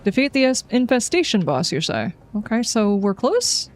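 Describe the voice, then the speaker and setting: A woman's voice: on the high side, big pitch swings, moderate pace. A woman livestreaming a game, chatting casually and wryly with her viewers as she plays. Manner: chatty and wry, reacting aloud and answering chat. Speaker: gaming livestreamer. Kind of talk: casual live gameplay commentary, chatting with viewers.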